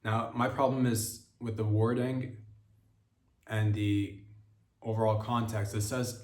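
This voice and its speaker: A man hosting a podcast, giving a deadpan satirical comedy monologue with mock-earnest sarcasm aimed at his audience. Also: on the low side, takes it slowly, long pauses, echoey room. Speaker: podcast host.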